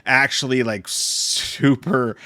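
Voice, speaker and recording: A man hosting a casual movie review channel, talking in an excitable, joking way with plenty of swearing and fillers. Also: mid-range voice, takes it slowly, no echo. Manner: excitable, jokey, swears freely, lots of fillers.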